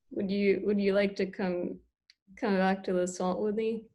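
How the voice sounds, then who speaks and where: Deadpan ventriloquist alligator puppet, low-key and slow, played by a woman. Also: slight background noise, full character voice. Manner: deadpan, flat and hesitant.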